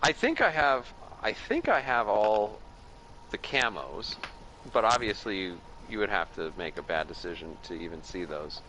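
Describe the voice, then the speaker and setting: A man's voice: fairly low pitch, animated, moderate pace, pushed and bright, a little hiss or hum, rough recording. A man from Minnesota with a Minnesotan accent, chatting casually with teammates during an online game and explaining things with many restarts. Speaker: gaming teammate. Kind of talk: casual gaming chat.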